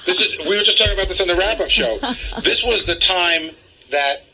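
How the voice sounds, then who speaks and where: A man's voice: high voice, a little fast, pushed and bright, slight background noise, poor audio. A middle-aged man on a radio talk show, animatedly telling a story with some indignation.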